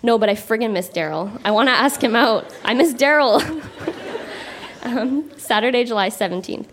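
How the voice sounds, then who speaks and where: A woman's voice: a little high, animated, normal speed, slight background noise. Woman reading her teenage diary. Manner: wry, laughing between entries. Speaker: reader on stage. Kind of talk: reading childhood diary aloud to a live audience. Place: theatre stage with audience.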